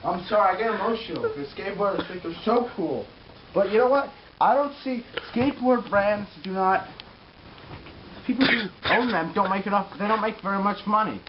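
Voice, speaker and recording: A man's voice: sits high, normal speed, lo-fi sound, background noise, lightly acted. A man playing a boastful, crude pro scooter rider in a mock interview comedy sketch, rambling and bragging. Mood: swaggering.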